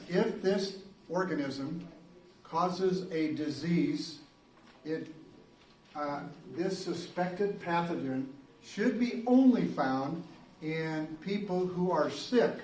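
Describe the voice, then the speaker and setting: A man teaching a biology class in a loose, rambling way, his voice pitched a little high. He is recorded from across an echoey classroom, with faint room noise underneath. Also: darkish tone. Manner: casual and rambling, with many fillers and restarts. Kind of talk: classroom lecture. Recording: roomy classroom, recorded from a distance.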